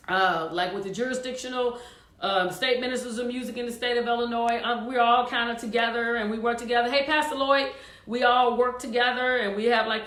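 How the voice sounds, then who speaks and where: A woman's voice: fairly high pitch, fairly bright tone. Encouraging woman host in an echoey room. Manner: encouraging, chatty, frequent fillers. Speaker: choir director and show host. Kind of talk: casual talk to viewers.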